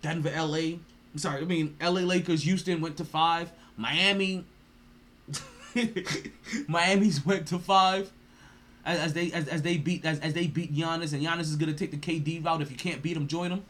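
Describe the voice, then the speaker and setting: A man's voice: on the high side, steady tone, normal speed, a bit bright, slight background noise. A man hosting a sports podcast, ranting in a profane, mocking way and laughing often. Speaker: podcast host.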